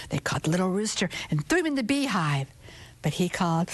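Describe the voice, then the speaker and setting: A woman storyteller telling a children's folktale with expressive, drawn-out phrasing and sudden whispered asides. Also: fairly low pitch.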